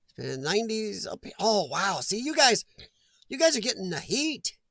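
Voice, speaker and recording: A chatty middle-aged man hosts a live stream, reading out comments and laughing easily between them. His voice sits high for a man. The sound is close and dry, with almost no room around it. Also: big pitch swings, moderate pace, gravelly, fairly bright tone, no room sound. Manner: chatty, laughs often, talks back to chat.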